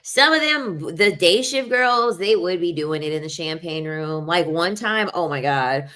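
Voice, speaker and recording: A young adult woman telling personal stories in a casual, animated way, laughing often and acting out what people said. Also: on the low side, a little slow. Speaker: video host. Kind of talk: casual storytelling.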